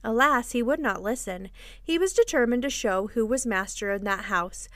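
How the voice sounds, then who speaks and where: Female storybook narrator, expressive, higher pitch. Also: normal speed, dry recording, clean studio sound. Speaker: podcast host and reader.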